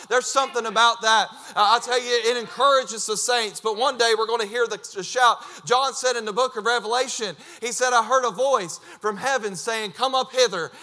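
Man, preacher, fervent sermon, high voice, bright tone, shouting emphasis.

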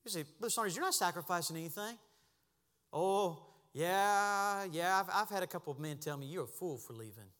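Pastor preaching, high bright voice, goes from hushed to shouting, echoey church hall. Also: male voice, animated, fairly quick. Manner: impassioned, swings from hushed to shouting. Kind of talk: sermon. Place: church sanctuary.

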